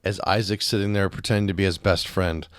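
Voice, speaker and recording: Lively low-voiced man reviewing films. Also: fairly quick, no echo, clean studio sound. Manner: animated, acts out characters and swears freely. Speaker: podcast movie reviewer. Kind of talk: casual spoken film review.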